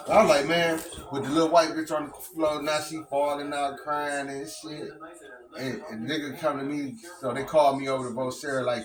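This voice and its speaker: A man's voice: a little high, moderate pace, far from the mic, crowd noise. A man telling a long, profane story to friends, quoting everyone in it. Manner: profane, animated storytelling, quotes voices. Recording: echoey room with music playing.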